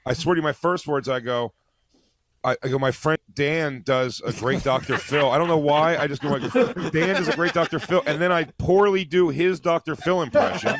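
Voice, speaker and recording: A man, a comedian, telling a long self-deprecating story about a failed audition, laughing as he goes. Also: medium pitch. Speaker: comedian guest. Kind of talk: animated storytelling.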